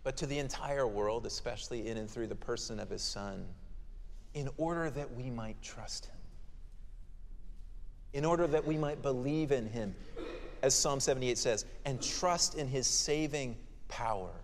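A man's voice: mid-range voice, normal speed, a little hiss or hum. A male pastor preaching a sermon who explains scripture in a conversational, emphatic way, in a hall with long reverb.

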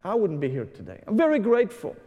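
A man from Syria preaching a passionate sermon as a pastor, often sinking to a hushed, intense delivery. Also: high-pitched, huge pitch swings, quick pace. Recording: hall reverb.

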